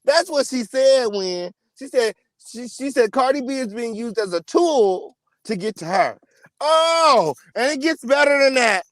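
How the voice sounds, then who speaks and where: A man with an unusually high voice runs a celebrity gossip commentary. He swears often and hammers his points by saying them twice. The sound is dead dry, with no room around it. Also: lively intonation, a little slow, a bit bright, no room sound. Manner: profane, emphatic, repeats lines for effect.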